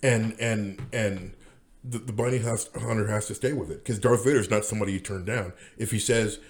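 A man's voice: on the low side, normal speed. A man rambling through a casual monologue as podcast host, with many restarts and fillers.

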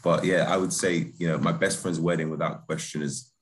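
A man, a film director, chatting in a relaxed interview, laid-back with many restarts and fillers. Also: deep voice, brisk.

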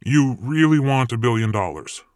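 Man playing a gruff, sardonic devil. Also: mid-range voice, lively intonation, normal speed, darkish tone, no room sound, clean studio sound, lightly acted. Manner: blunt, terse, sardonic. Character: gruff, exasperated male devil.

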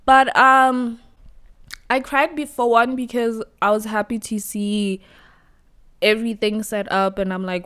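A woman's voice: fairly high pitch, steady tone, measured pace, fairly bright tone, clear, resonant tone. A young woman hosting her own podcast from her new studio, chatting casually, laughing at herself and over-explaining. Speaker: podcast host. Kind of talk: casual solo podcast chat.

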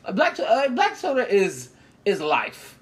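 A woman trades blunt, profane jokes with her co-host. Her voice sits at an ordinary middle pitch, and she talks in a loose, casual way. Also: wildly swooping pitch, a little slow. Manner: blunt, joking, profane banter. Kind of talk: casual chat.

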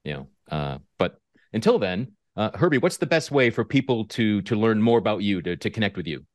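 A man hosting an interview, speaking reflectively and haltingly, with frequent restarts. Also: fairly low pitch, big pitch swings, no room sound. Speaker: host. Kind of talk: candid interview conversation.

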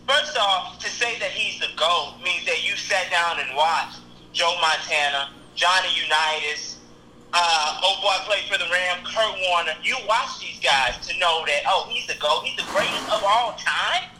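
A man's voice: high voice, pushed and bright, a little hiss or hum, low-quality recording. A man appearing as a guest on a casual sports podcast, opinionated and emphatic, stretching out his points. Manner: opinionated, emphatic, drawn-out delivery.

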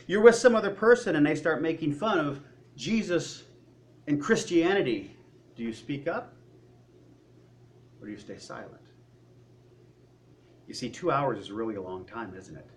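A man's voice: a little high, animated, normal speed, pauses often. A man preaching a sermon, acting out the voices of worried people and of God as he goes.

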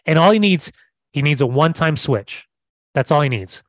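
A man's voice: a little high, expressive, moderate pace, no echo. Brash man on a football podcast. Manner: brash and emphatic, with casual swearing. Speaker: podcast co-host. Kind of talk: casual football podcast chat.

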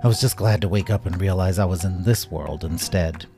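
A man's voice: sits low, a little fast, music in the background. A man voicing a spunky, stubborn female toy cat in a storybook tale. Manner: determined, upbeat.

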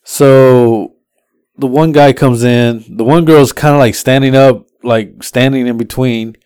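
A mid-pitched man, chatting casually as a podcast co-host. He tells a rideshare story with animated delivery, popping into higher voices for his passengers. The sound is dry and close. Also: measured pace, clean tone, dry recording. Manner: animated, acts out passengers' lines in raised voices.

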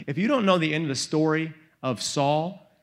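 Young man, youth preacher, slangy casual sermon, slightly high voice, dramatic retelling. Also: normal speed. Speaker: youth speaker.

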